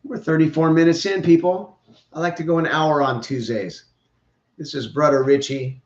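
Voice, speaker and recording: A man's voice: a little high, steady tone, moderate pace. A man hosting a podcast, giving opinionated, rambling, joking sports commentary. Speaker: podcast host. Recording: roomy, dull lo-fi sound.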